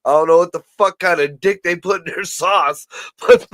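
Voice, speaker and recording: A man ranting and joking in casual profane chat, crude and animated, with lots of swearing. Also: high voice, normal speed, no room sound. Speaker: podcast co-host.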